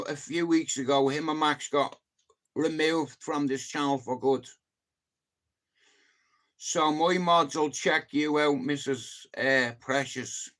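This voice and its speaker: Dublin Irish man, very high voice, animated, swearing, casual live-stream chat.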